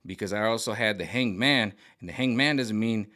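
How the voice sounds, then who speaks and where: A man's voice: fairly low pitch, brisk, pushed and bright. A middle-aged man talking in a rambling, agitated vlog monologue, repeating himself and restarting often. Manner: mimics other voices sarcastically. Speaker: vlogger.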